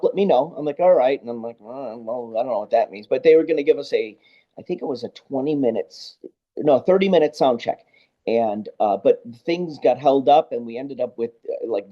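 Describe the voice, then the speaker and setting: A man, a guest sound engineer, telling stories in a casual interview, animated and acting out both sides of conversations. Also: mid-range voice. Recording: dull lo-fi podcast audio.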